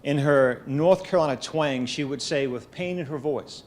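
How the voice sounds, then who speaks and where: A middle-aged man delivers a keynote at a college gathering, his voice sitting a little higher than most men's. He speaks in a measured, storytelling manner, letting gentle humor slip in. He is heard through a podium microphone in an event hall. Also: slight background noise. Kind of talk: formal speech at a podium.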